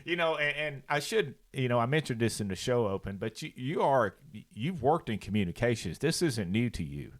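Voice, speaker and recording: A man hosting a podcast interview, relaxed and encouraging, laughing easily and restarting his sentences. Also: medium pitch, brisk, hardly any pauses. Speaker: podcast host. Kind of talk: casual interview conversation.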